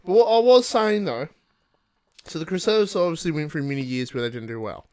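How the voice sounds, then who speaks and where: A young man with a New Zealand accent, co-hosting a casual podcast chat, laughing often and swearing freely as he tells animated stories. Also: on the high side, fairly quick, no echo, clean studio sound. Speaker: podcast co-host.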